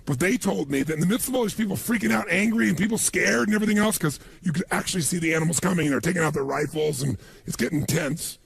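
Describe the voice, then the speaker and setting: A man giving a motivational seminar talk, telling stories to an audience in an animated way and acting out the people he quotes. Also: sits high, fast talker, creaky, few pauses, slightly rough, dry recording. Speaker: motivational speaker.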